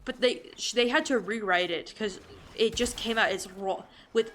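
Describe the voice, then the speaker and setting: A woman's voice: medium pitch, normal speed, fairly bright tone, slight background noise. Chatty woman streamer who swears casually. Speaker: streamer playing a game. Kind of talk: casual live-stream gaming chat.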